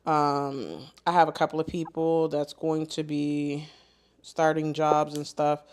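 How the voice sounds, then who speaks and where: Lively low-voiced woman storyteller. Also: slow pace, a little hiss or hum. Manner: animated, colloquial storytelling, laughing often. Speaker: host of a live sewing stream. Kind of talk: casual chat while sewing live.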